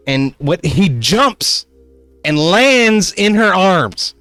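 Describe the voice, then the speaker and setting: A man's voice: on the high side, slow, no echo, soft background music. A man streaming live, casually telling a story, swearing a lot and laughing often. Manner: profane, laughing, animated.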